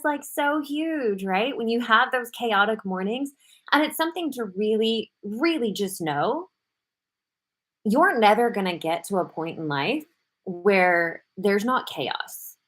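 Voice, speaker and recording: A middle-aged woman hosting a live morning show, talking casually and animatedly, quick bursts broken up with playful acted-out quotes. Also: medium pitch, a bit bright. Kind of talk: casual live-stream talk.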